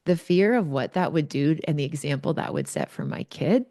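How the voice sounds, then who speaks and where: Woman podcast host in her forties, low gravelly voice, candid and chatty storytelling, dry close sound. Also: lively intonation, normal speed, dark tone, no echo. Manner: candid, chatty, many fillers. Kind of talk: personal storytelling.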